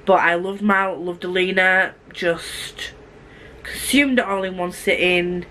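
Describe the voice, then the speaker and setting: A woman talking quickly and chattily as a book vlogger, gushing in a casual review with asides and restarts. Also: fairly low pitch, fairly even intonation, pushed and bright, slight background noise, poor audio.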